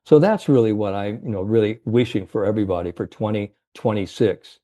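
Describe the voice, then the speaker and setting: A man's voice: lowish voice, fairly quick, warm tone. A man telling a motivational story as a guest coach, earnest and rallying, with many fillers. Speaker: confidence and mindset coach, guest.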